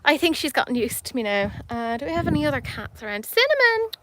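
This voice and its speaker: A woman's voice: on the high side, expressive, quick pace, background noise. A woman in her thirties hosting a casual live stream from her phone, rambling and self-mocking, cooing at her cats as she walks from her home out into the garden. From Ireland. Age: 30s. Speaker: livestream host. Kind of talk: casual livestream chat. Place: home, then outdoors in a garden.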